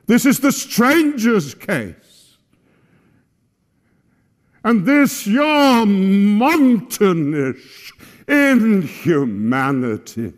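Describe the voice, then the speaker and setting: A man giving a dramatic recitation of a classic speech, measured and declamatory, building to forceful emphasis. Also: high voice, sing-song. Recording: long hall reverb.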